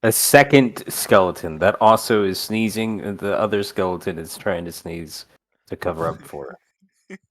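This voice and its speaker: A man's voice: low voice, normal speed, a bit bright. A man, a player in a tabletop game, joking loosely. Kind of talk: casual tabletop game chat.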